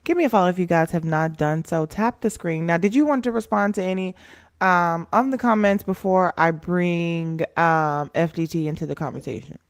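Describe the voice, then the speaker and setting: A woman's voice: lowish voice, moderate pace, dry recording, studio quality. A woman hosting a live stream, chatting casually, teasing and laughing as she reads comments from the chat.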